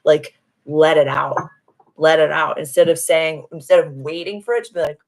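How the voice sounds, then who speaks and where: A woman's voice: low-pitched, moderate pace. A woman hosting a casual live stream as a spiritual healer, gushing and affirming as she answers viewer comments. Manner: soothing, affirming.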